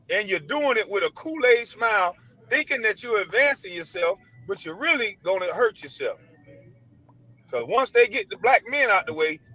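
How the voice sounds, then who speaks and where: High, bright-voiced man ranting emphatically. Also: low-quality recording. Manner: emphatic, preachy, repeats his points; blunt, casual slang. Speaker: online commentator. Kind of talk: ranting monologue to camera. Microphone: computer mic.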